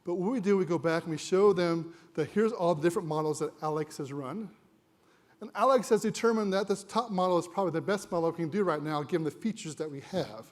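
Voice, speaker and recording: A man's voice: a little high, quick pace. A man presenting at a conference to a live audience, conversational and jokey, quizzing the room, and a little winded.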